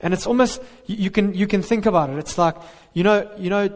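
A man's voice: sits high, fairly quick. A man preaching a sermon, earnest and emphatic, with rhetorical questions. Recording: reverberant hall.

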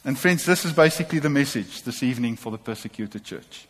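A man's voice: mid-range voice, animated, fairly quick, slightly rough, big-room sound. A man preaching a sermon to a congregation, impassioned and repeating short calls to take courage.

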